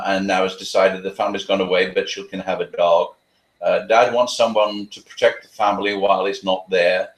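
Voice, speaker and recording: A man, a dog trainer answering interview questions in a chatty, anecdotal way with a playful, sarcastic streak. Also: on the low side. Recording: roomy echo.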